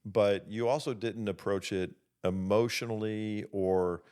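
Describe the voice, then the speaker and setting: Low-voiced man, playful podcast host. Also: steady tone, unhurried, darkish tone, clear, resonant tone. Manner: playful, joking, reflective. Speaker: podcast host interviewing his parents. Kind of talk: casual family conversation.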